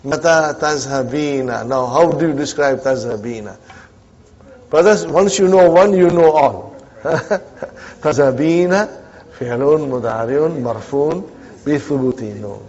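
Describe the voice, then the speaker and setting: A man's voice: on the high side, expressive, brisk, darkish tone, lo-fi sound. A man teaching an Arabic grammar class, drilling students with repeated questions and frequent "huh?" prompts, mixing Arabic terms into his English. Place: community centre classroom.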